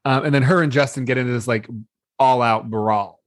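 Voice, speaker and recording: A man's voice: medium pitch, fairly quick, no echo, clean studio sound. A young adult man co-hosting a podcast, casually recapping reality TV with frequent laughs and acted-out quotes. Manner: chatty, laughs often, acts out quoted lines. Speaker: podcast co-host.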